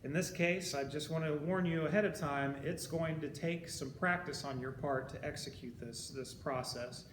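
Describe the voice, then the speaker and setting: A patient male band teacher walks students through a rhythm exercise and counts the beats out loud as he goes. His voice rings around a reverberant room. A steady hum of background noise sits under him. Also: a little high, moderate pace, few pauses. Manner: patient, explains step by step and counts beats aloud. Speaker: high school band teacher. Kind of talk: recorded music lesson.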